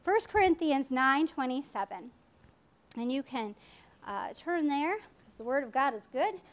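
A woman preaching a sermon in an animated way, acting out voices and laughing often. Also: high-pitched, unhurried.

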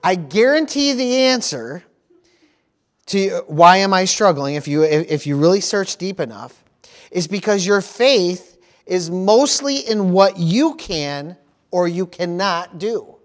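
A middle-aged pastor preaches a sermon slowly and expressively in a voice that sits high. He repeats phrases and drops in praise interjections as he goes.

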